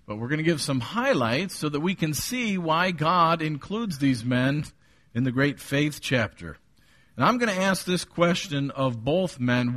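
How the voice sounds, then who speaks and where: A middle-aged man preaching an evening sermon, earnest and personal, reading scripture slowly and deliberately. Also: mid-range voice, bright, forceful tone. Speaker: pastor.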